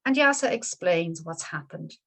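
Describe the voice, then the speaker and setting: A woman, a Buddhist teacher telling a story in a dharma talk, gentle and unhurried with small restarts. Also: fairly low pitch, animated, creaky.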